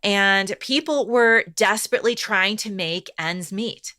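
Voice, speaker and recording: Bright-voiced woman telling history. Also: medium pitch. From Chicago South Side. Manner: reads from notes, teasing and brisk with her co-host. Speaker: podcast co-host, storyteller. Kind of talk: casual podcast chat, reading a history story.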